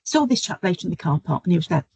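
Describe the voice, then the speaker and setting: A middle-aged woman, a nurse educator guest-speaking on a webinar over a video call, tells anecdotes in a chatty way with frequent ums. Her low, dark, breathy voice is very animated and very fast, and the recording is dry and rough.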